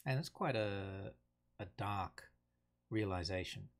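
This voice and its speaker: Male teacher, low register, slow and thoughtful, explains a play and reads quotes plainly. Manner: unhurried, thoughtful, reads quotations aloud plainly. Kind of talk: casual explanatory lesson.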